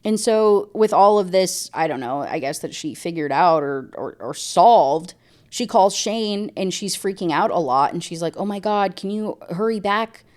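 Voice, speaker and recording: A woman's voice: fairly low pitch, lively intonation, measured pace, darkish tone. Exasperated young woman ranting about a book. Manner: exasperated, slangy, rambling asides. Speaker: book reviewer. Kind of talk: casual book review rant.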